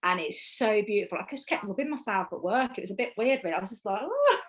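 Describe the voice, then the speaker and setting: A woman's voice: mid-range voice, fast talker, rough recording. A woman guest in a casual chat, bubbly and enthusiastic. She restarts her sentences often and breaks into laughs as she talks. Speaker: interview guest.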